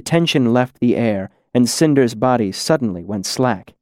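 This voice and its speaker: A man narrating a fantasy story in a measured, deliberate reading. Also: mid-range voice, lively intonation, a little mellow, no room sound, clean studio sound. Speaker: audiobook narrator.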